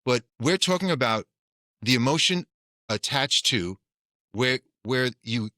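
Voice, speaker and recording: A man's voice: mid-range voice, animated, measured pace, bright, forceful tone, dry recording, studio quality. A man hosting a podcast, asking questions in a casual, loosely phrased, chatty way. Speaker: podcast host. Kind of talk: conversational interviewing.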